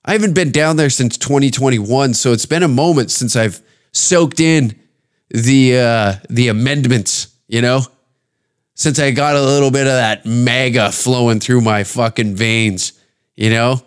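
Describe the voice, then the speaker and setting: A man's voice: medium pitch, unhurried, smooth. A man from Canada hosting a podcast, ranting in a crude, rambling comedic way and slipping into put-on voices. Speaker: podcast host. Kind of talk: casual comedic rant.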